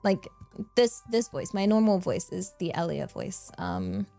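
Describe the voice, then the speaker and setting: A woman's voice: mid-range voice, lively intonation, unhurried, creaky, mellow, faint music behind. A woman from England with a rural English accent, chatting casually on a stream, giggly and rambling. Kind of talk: casual chat.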